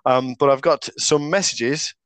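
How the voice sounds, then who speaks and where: A man's voice: medium pitch, a little slow, a bit bright, smooth, no echo. British guy hosting a chatty podcast, upbeat and jokey, dry close sound. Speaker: podcast host. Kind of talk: casual podcast chat. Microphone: headset or desk mic with earphones.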